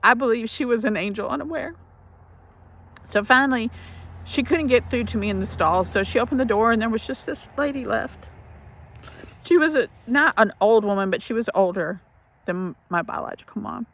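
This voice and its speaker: A woman giving an emotional personal testimony for a ministry, speaking haltingly and restarting her sentences. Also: on the high side, a bit bright.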